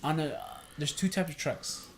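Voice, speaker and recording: A man's voice: on the high side, normal speed, slight background noise. Rambling, swearing young man. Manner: rambling, swears a lot, many fillers; acts out quoted talk with a livelier voice. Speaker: podcast host. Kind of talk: casual chat.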